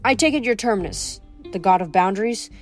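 A calm, clever teenage girl, read by a woman speaks in a diplomatic, firm voice. She sounds level-headed and controlled. Soft music runs faintly behind. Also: mid-range voice, fairly quick, lightly acted.

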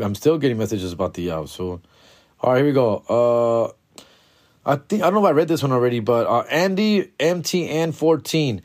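A man's voice: medium pitch, a little mellow. Young man, podcast host, casual solo chat, slang-heavy, profane, mumbling asides. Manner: loose and profane, full of slang like bro, fool, dog; mumbles while searching through notes.

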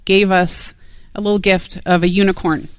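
A middle-aged woman telling a radio host her family's story in a soft, hesitant way, full of ums and you-knows. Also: medium pitch, fairly even intonation, normal speed, clean tone, dry recording. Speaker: caller sharing debt-free story. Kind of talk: casual conversation on air.

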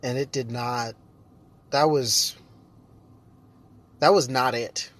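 A man's voice: medium pitch, fairly even intonation, slow, a bit bright. A young adult man chatting casually on his own, rambling with lots of fillers and restarts. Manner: rambling, self-correcting, frequent fillers. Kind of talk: casual solo chat.

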